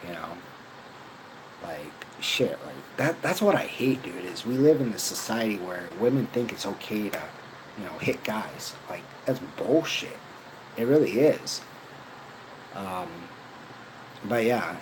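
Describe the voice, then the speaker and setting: A man's voice: fairly low pitch, noisy background. A young man telling a rambling personal story, casual and profane, full of fillers and slang. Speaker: vlogger.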